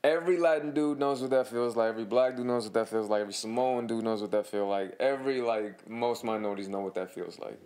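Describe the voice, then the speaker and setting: A man's voice: medium pitch, fast, hardly any pauses. A man in his thirties, a podcast guest, telling stories in casual chat, swearing freely and acting out other people's voices. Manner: profane, animated storyteller who acts out other people.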